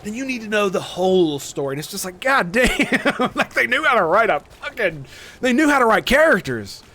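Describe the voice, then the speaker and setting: A man streaming a video game, rambling with excited, profane commentary. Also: sits high, moderate pace. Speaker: gaming streamer. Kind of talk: casual gameplay commentary.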